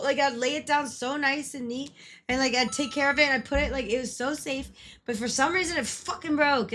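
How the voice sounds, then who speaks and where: A woman's voice: high-pitched, bright, forceful tone, slight background noise. A young woman livestreaming, chatting casually with viewers, swearing freely and greeting people by name. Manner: chatty and profane, greets viewers, frequent laughs. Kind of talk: casual stream chat. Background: game music.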